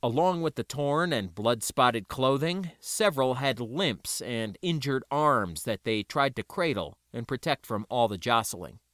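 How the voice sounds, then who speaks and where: A man narrating a first-person story aloud in an expressive reading. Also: medium pitch, a little slow, few pauses, dry recording, clean studio sound. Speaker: audiobook narrator.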